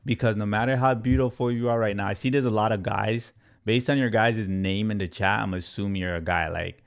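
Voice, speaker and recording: A man's voice: on the low side, steady tone, a little fast, creaky. A man in his thirties, a crypto trading educator, talks casually and animatedly to a livestream chat, tagging "right?" and "you guys" onto nearly every line.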